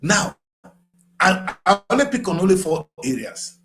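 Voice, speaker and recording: Nigerian guy ranting about politics, high voice, gets loud and repeats himself. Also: big pitch swings, measured pace. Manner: fiery, repetitive, rising to shouts. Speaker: current affairs show host. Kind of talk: passionate political commentary.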